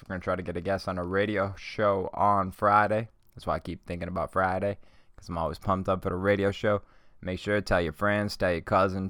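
A man hosting a solo podcast who talks in a casual, rambling, profane way while high. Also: a bit bright, dry recording, studio quality. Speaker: podcast host.

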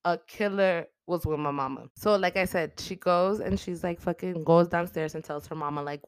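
Young woman, low smooth voice, dry close mic, casual foul-mouthed recap. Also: moderate pace, no room sound. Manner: animated, heavy swearing, acts out characters' lines. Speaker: podcast host recapping a movie. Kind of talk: casual profane movie recap.

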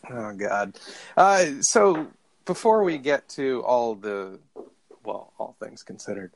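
A man in his late thirties hosts a comedy podcast with a middling voice. He banters loosely and crudely, tossing out jokes in a lively, casual way. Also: medium pitch, slow pace, creaky, slight background noise. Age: 30s. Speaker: podcast host.

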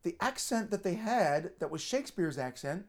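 A woman's voice: lowish voice, animated, moderate pace. A woman co-hosting a casual beer podcast, explaining a theory at length in a chatty lecturing way. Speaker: podcast co-host. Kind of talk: casual chat over beer.

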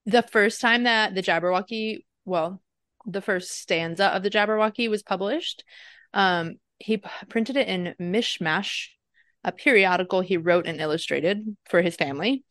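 A woman's voice: medium pitch, moderate pace, a bit bright, dry recording, studio quality. A woman co-hosting a podcast, chatty and giggly, rambling through tangents in casual talk. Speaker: podcast co-host.

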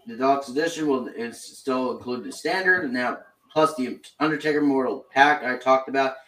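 A man's voice: on the high side, fairly bright tone, recorded from a distance. A man hosting a casual podcast, reading through news with lots of fillers and restarts. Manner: reads game news with many fillers and restarts. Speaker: podcast host. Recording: roomy echo, off-mic.

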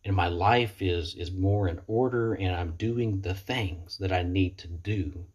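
A man's voice: sits low, measured pace, a little mellow, husky. A man in recovery giving an earnest, reflective motivational talk into a computer webcam, often stopping to repeat his words. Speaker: person in recovery sharing experience. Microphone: computer webcam mic.

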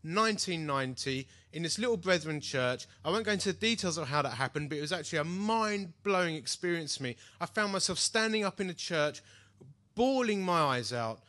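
A man preaching a sermon to a hall, telling personal stories in a lively way and acting out the voices of the people in them. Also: a little high, fairly quick. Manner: animated storytelling, acts out quoted voices. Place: large hall before an audience.

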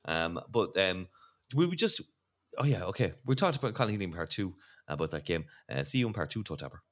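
Laughing Irish man with lively pitch. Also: fast, heavy background noise. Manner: rambling, laughing, restarts often. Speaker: podcast host. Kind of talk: casual chat.

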